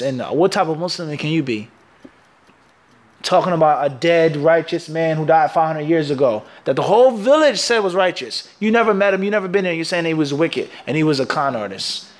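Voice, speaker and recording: A man with a high voice teaches a hadith class. He talks in emphatic bursts and keeps his students engaged with call-and-response questions, leaving a gap for them to finish each point. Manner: emphatic, punchy delivery. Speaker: Islamic teacher.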